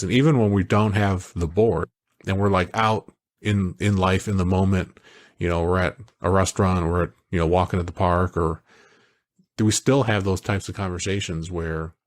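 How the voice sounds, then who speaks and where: A man co-hosting a podcast, talking in a casual, animated way that wanders through stories. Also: low voice. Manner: animated, storytelling, digressive. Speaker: podcast co-host. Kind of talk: casual chat.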